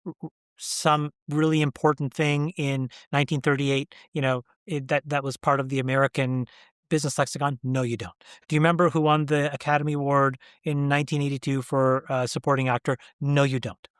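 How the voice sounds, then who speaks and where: A middle-aged man as an interview guest, talking candidly and emphatically, pressing his point with rhetorical questions and halting when he gets emotional. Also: fairly high pitch, level tone, fairly bright tone, smooth, no room sound, clean studio sound.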